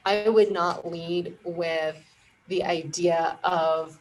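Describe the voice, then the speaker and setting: A woman who founded a marketing firm, a podcast guest explaining ideas in clear, confident steps. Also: on the low side, unhurried, slight background noise, poor audio. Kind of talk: casual interview explanation.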